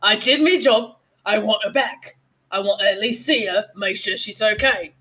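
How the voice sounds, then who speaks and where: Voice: medium pitch, normal speed, bright, forceful tone, rough recording. A player in a tabletop role-playing game who talks bluntly and swears often.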